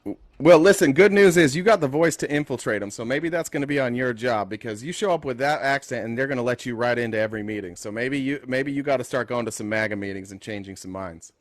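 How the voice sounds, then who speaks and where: A man's voice: mid-range voice, fast talker, no room sound. Casual male talk-show host, dry sound. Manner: casual, joking, thinks aloud. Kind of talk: live call-in political talk.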